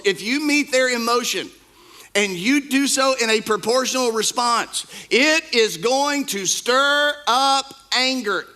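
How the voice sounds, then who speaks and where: A pastor preaching a sermon in church, stressing his points by repeating them and swinging from soft asides to loud outbursts. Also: extremely high pitch. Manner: emphatic, repeats key phrases.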